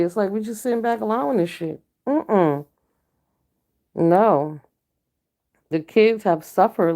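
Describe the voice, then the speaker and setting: A woman's voice: lowish voice, dark tone. A middle-aged woman ranting bluntly and profanely to her viewers in a casual vlog. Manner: blunt and profane, with frequent mm-hmms. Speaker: vlogger.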